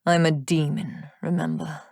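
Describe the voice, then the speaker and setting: A woman narrator voicing a cold, mocking young male demon warrior in an audiobook, speaking slowly and in a hushed, smirking tone. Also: big pitch swings, no echo, clean studio sound, heavily acted. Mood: taunting. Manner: slow, smirking, low and hushed. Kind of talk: audiobook character voice.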